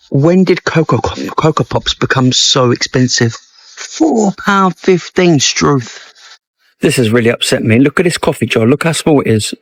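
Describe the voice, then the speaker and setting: A man's voice: medium pitch, no room sound, rough recording. A man vlogging in supermarket aisles, cracking wry jokes and puns about prices and laughing at his own lines. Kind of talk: joking supermarket vlog.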